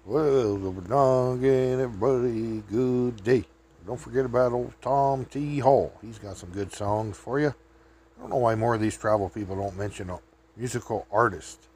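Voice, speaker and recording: A man's voice: medium pitch, normal speed, darkish tone, slight background noise. A man telling meandering anecdotes in a chatty, casual way. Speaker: vlogger. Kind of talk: rambling storytelling.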